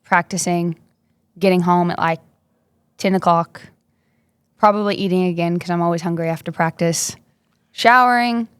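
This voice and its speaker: A woman's voice: on the low side, steady tone, normal speed, pauses often, smooth, no room sound. A young woman, chatting casually and upbeat as a guest, laughing easily. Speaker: basketball player, podcast guest. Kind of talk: casual interview chat.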